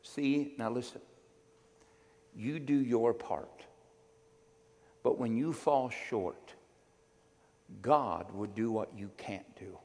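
A man's voice: mid-range voice, mellow, long reverb tail. A male pastor praying fervently from the pulpit, drawing out his pleading phrases. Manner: fervent, drawn-out pleading prayer. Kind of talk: sermon and prayer.

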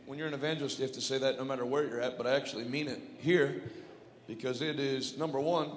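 A male evangelist preaching in a church, moving between fervent prayer and casual, joking storytelling. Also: medium pitch. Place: large church hall. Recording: echoey church hall.

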